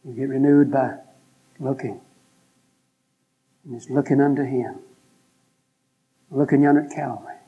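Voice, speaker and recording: A man, preaching a sermon with an earnest, pleading delivery and a hoarse throat. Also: mid-range voice, steady tone, dark tone. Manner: earnest, pleading, drawn-out pauses.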